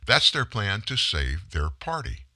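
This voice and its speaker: A man's voice: fairly low pitch, very animated, unhurried, bright, forceful tone, dry recording, clean studio sound. A man giving a political commentary monologue, emphatic and sarcastic, full of rhetorical questions.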